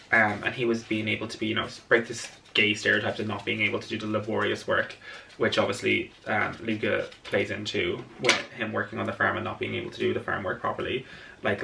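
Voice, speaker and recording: Male vlogger, low gravelly voice, loose chatty delivery full of fillers, casual film analysis. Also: pushed and bright, far from the mic, slight background noise. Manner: chatty, rambling, heavy use of filler words. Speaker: video essayist. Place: indoors in front of a mirror, late at night.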